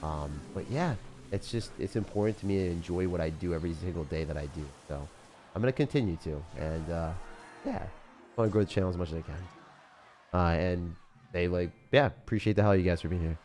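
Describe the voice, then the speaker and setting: A man's voice: low-pitched, a little fast, darkish tone, a little hiss or hum. A young man streaming a mobile game, chatting casually and laid-back with viewers, saying dude and bro and laughing often. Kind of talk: casual live-stream chat.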